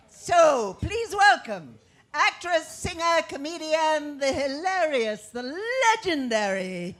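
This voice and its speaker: A woman hosting a cabaret show, introducing the next performer with drawn-out announcing. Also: high-pitched, very animated, a bit bright. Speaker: event host. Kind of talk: stage introduction. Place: small cabaret club.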